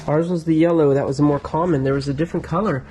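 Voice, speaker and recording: A man hosting a vlog who excitedly shows off his storage locker finds and thinks aloud as he goes, recorded on a camera inside a storage locker. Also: on the high side, fast, slight background noise, low-quality recording. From United States. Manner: enthusiastic, thinks aloud, drops into whispers. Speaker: storage locker reseller and channel host. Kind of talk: casual vlog, excited show-and-tell of finds. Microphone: GoPro camera.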